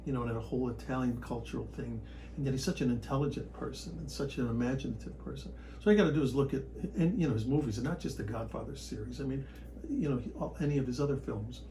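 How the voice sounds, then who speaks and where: A man who grew up around Chicago, an actor chatting as a podcast guest, telling stories in an animated way with bursts of loud excitement. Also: mid-range voice, fast, a little hiss or hum, low-quality recording. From Chicago area, United States. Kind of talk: casual storytelling chat.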